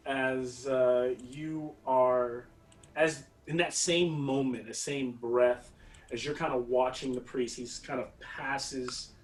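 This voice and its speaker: A man narrating as game master of a tabletop game, rambling and halting, acting out sound effects. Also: mid-range voice. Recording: voice somewhat far from the mic.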